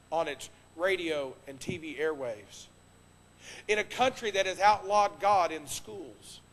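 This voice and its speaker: A man preaching a sermon from the pulpit, impassioned, swinging between loud exhortation and hushed earnest tones. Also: high-pitched. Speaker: pastor. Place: church sanctuary. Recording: long reverb of a church hall.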